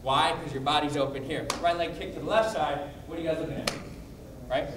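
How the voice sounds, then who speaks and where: Brisk male karate instructor in echoey hall. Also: a little high, steady tone. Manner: brisk coaching with called-out drill counts. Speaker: martial arts instructor. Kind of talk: teaching a training class. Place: martial arts training hall. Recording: echoey hall, distant mic, background noise.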